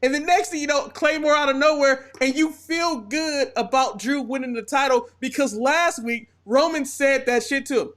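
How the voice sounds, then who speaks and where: A man's voice: extremely high pitch, normal speed, hardly any pauses. A man co-hosting a casual wrestling podcast, telling stories and acting out quotes with energy. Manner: animated storyteller, acts out quotes. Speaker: podcast co-host.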